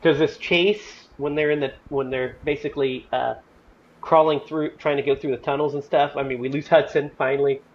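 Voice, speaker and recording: A man hosting a podcast, chatting casually and excitedly about a film, rambling with lots of fillers. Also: a little high, normal speed, dull audio. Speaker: podcast host. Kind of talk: casual movie review chat.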